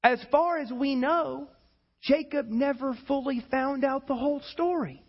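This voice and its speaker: High-voiced animated man preaching. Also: a little slow, lo-fi sound. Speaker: pastor. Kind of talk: sermon.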